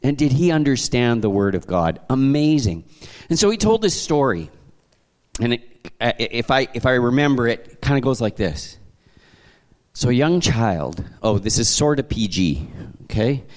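Man from Canada, pastor, conversational sermon, animated storytelling, mid-pitched voice. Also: moderate pace.

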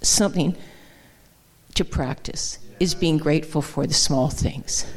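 A woman's voice: low-pitched, a little slow, husky. A woman giving a conversational, folksy sermon, with many fillers and restarts. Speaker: guest speaker. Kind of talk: informal sermon.

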